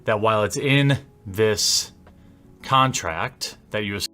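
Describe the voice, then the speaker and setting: A man speaking a monologue to camera, laying out his argument in a measured way with rising endings. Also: on the low side, bright, forceful tone, smooth, soft background music. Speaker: commentator in a played video.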